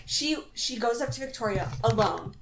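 A woman's voice: fairly high pitch, lively intonation, normal speed, fairly bright tone, slight background noise. A woman co-hosting a casual podcast, retelling reality show scenes in an easygoing way, quoting the cast. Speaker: podcast co-host. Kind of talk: casual chat recapping a TV show.

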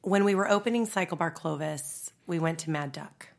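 Stuffy husky woman with a cold, kinda low voice, laughing along in a casual podcast chat. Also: normal speed. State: congested, under the weather. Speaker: cycling instructor, guest.

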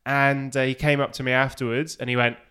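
A man's voice: medium pitch, flat delivery, fairly quick, sharp tone, clean tone. A man co-hosting a podcast, telling boastful, joking stories in casual chat. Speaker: podcast co-host.

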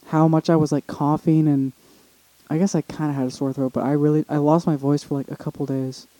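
A man's voice: on the high side, level tone, brisk, mellow, dry recording, rough recording. A young man co-hosting a podcast in casual chat, rambling and restarting often, swearing casually. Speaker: podcast co-host.

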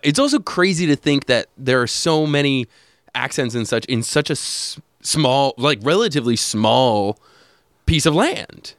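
A man's voice: mid-range voice, animated, unhurried, dry recording. Casual podcast host, man, talks on the fly, dry close mic. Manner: rambling, with frequent fillers and laughs. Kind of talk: casual chat.

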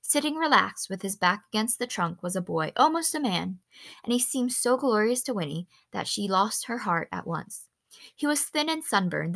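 A woman reading a children's novel aloud in an expressive way, pausing now and then to explain a word to her listener and correcting small slips as she goes. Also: mid-range voice, vocal fry. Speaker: read-aloud storyteller.

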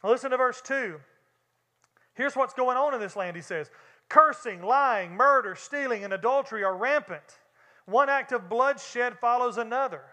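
A man with a Southern US accent delivering a sermon, talking straight to the congregation in an easy, conversational way. His voice sits high and sounds bright and forward. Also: animated, moderate pace. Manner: conversational preaching, addresses congregation directly. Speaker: pastor.

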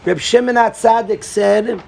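Middle-aged guy giving a torah talk, fired up, keeps restarting lines, fairly high voice. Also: measured pace, creaky, slight background noise. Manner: excitable, repeats himself, restarts sentences. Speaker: Torah teacher. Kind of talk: informal Torah talk to a group.

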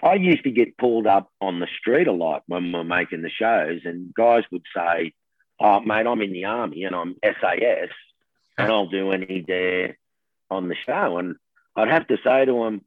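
A middle-aged Australian man, a television host, telling stories in a lively casual chat and laughing often. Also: sits low, normal speed, dry recording. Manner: animated storyteller, laughs often, says mate. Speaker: TV host guest. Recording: tinny phone line, dry.

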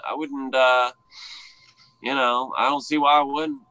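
A man's voice: mid-range voice, level tone, measured pace, bright, forceful tone, dry recording, rough recording. A man with a Southern American accent co-hosting a podcast, rambling and enthusiastic with many fillers. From Southern United States. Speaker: podcast co-host. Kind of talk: casual podcast chat.

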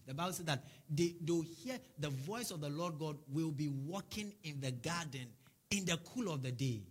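A man's voice: a little high, slight background noise. A man preaching a sermon as a pastor, with fervent, repeated declarations and prayers.

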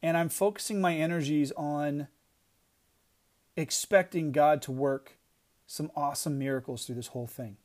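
A man's voice: fairly high pitch, fairly even intonation, normal speed, long pauses, a little mellow. A middle-aged man giving an earnest devotional talk, emphatic, often restarting his phrases. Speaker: podcast devotional speaker.

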